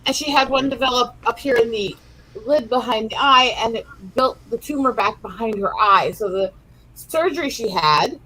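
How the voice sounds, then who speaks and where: Woman cohost, high bright voice, chatty and rambly, just hanging out on a chill stream. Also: moderate pace, poor audio. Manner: chatty, rambling anecdotes with restarts. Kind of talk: casual chat.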